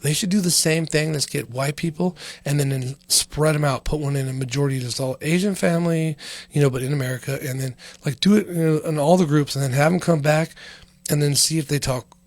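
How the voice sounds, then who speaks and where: A man's voice: medium pitch, no room sound. A man hosting a casual comedy podcast, rambling loosely with lots of fillers and swearing. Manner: rambling, profane, heavy on fillers. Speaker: podcast host.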